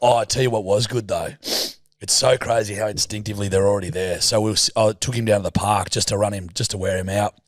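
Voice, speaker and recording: A man's voice: fairly low pitch, fairly even intonation, fast, no echo, studio quality. A young man co-hosting a podcast, telling stories in casual chat with plenty of swearing and laughter. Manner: swearing, storytelling, laughs often. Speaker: podcast co-host.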